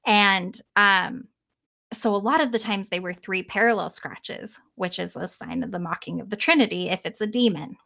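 A woman podcast host casually retelling a story in an animated way, swearing freely and trailing off now and then. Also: medium pitch, normal speed, vocal fry.

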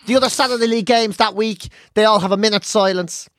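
A woman's voice: mid-range voice, fast, slight background noise. Sweary Irish woman telling a story. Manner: animated storytelling, sweary, laughing. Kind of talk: casual chat.

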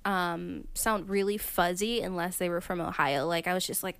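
A woman's voice: fairly low pitch, steady tone, moderate pace, vocal fry, a bit bright, clear, resonant tone. A woman co-hosting a podcast, chatting casually and laughing often. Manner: giggly, acts out characters in quotes. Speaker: podcast co-host. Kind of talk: casual chat recapping a movie.

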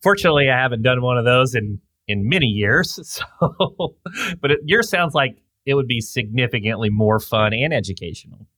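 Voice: medium pitch, lively intonation, normal speed, a bit bright, dry recording. A podcast host in casual conversation, reacting with laughter and friendly comments. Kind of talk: casual interview chat.

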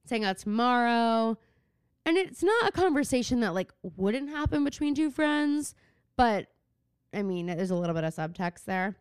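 A young woman chats through a show recap, full of "like" and swearing when she gets heated. Her voice sits a bit high and sounds smooth and clear. The recording is close and dry. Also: very animated, moderate pace, no echo. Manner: chatty, says "like" a lot, gets worked up and swears. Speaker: podcast co-host. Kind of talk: casual recap chat.

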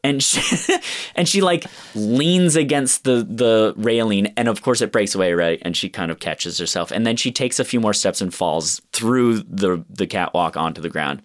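A man's voice: fairly low pitch, moderate pace. A man in casual chat, animatedly ranting about a movie with lots of swearing and acted-out quotes. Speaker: podcast co-host reviewing a film.

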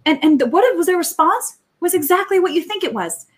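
A high-pitched woman appears as a guest on a podcast, casually chatting and telling stories animatedly, with quick restarts.

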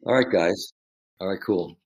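A man's voice: deep voice, moderate pace. A middle-aged man, a podcast guest, telling candid self-deprecating stories in casual chat. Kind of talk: casual storytelling.

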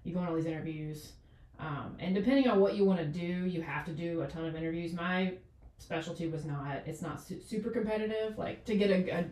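A woman's voice: fairly low pitch, brisk, warm tone, recorded from a distance. A woman in her forties, a doctor, chatting casually as an interview guest, talking in loose runs full of fillers and restarts. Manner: rambling, many fillers and restarts. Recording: echoey room, off the mic.

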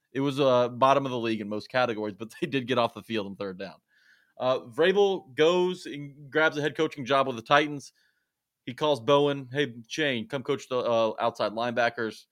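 A man's voice: medium pitch, a bit bright, no echo, clean studio sound. A man co-hosting a sports podcast, explaining at length with many fillers and restarts. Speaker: podcast co-host. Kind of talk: casual sports podcast analysis.

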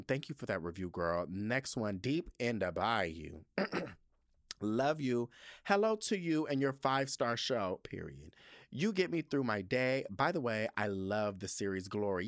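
Sassy, animated man podcasting. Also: medium pitch, no echo, studio quality. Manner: sassy, expressive, frequent swearing and playful asides. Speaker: podcast host. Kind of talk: casual solo podcast chat reading listener reviews.

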